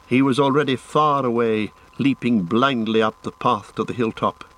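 A man narrating a fantasy audiobook in a measured, dramatic storytelling manner. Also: medium pitch, fairly bright tone, poor audio.

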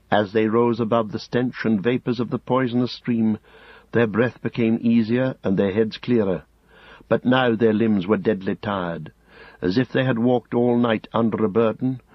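A man narrating an audiobook in a measured, grave storytelling manner, close to the mic. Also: medium pitch, no room sound. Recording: dull lo-fi audiobook recording.

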